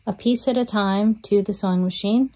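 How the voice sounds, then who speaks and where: A woman teaching a quilt tutorial, talking through each step in a relaxed, step-by-step way in her sewing room. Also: medium pitch, moderate pace, no echo.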